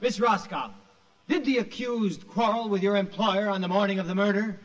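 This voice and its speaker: An actor playing a prosecutor questioning witnesses slowly and deliberately, in 1940s radio acting. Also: male voice, high-pitched, close to an everyday voice. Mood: probing. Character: measured male courtroom prosecutor. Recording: muffled old radio recording with reverb.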